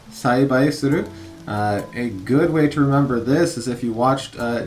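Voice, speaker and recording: A man in his thirties casually narrating a learning game, halting with many fillers as he sounds out vocabulary. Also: medium pitch. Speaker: streamer learning Japanese.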